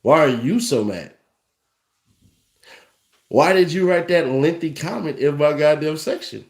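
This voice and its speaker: A man's voice: on the high side, lively intonation, unhurried. A young adult man, ranting with profanity and mocking laughs as a commentary host. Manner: brash, mocking, laughs often. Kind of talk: profane rant to camera. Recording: echoey room.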